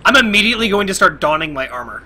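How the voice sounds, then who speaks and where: An eager man joins a tabletop session over a voice call, his voice high and strikingly bright. He rattles through his questions and jokes at a fast clip. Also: sing-song. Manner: quick, eager and joking. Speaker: player. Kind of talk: casual chat at a game table.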